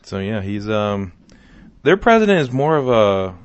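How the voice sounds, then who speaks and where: A man's voice: on the low side, very animated, moderate pace, smooth, no echo, highs cut off. A man hosting a comedy podcast, casually running through odd news stories and teasing his co-hosts. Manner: wry, teasing, leads the segment. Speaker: podcast host.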